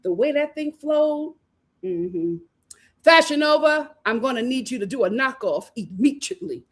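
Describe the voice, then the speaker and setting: In a casual reality-show recap, a woman in her thirties from Philadelphia addresses her viewers straight on, laughing plenty. Her high voice is expressive and moves at a normal speed.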